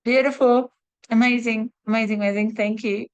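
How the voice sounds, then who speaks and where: Female teacher hosting a class on a video call, warm and encouraging. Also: on the high side, fairly even intonation, normal speed, clean tone. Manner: warm, repeats praise words in threes. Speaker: host and spiritual teacher. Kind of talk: live online class, leading a sharing round.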